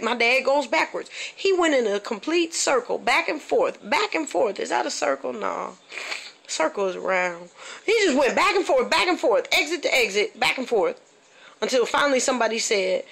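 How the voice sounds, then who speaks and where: A fairly high-pitched woman in her thirties, from the northern Midwest, doing stand-up comedy. She sounds animated and incredulous. She fires off rhetorical questions and keeps checking in with the crowd. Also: moderate pace, gravelly. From northern United States, Midwest. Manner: conversational, checks in with the audience.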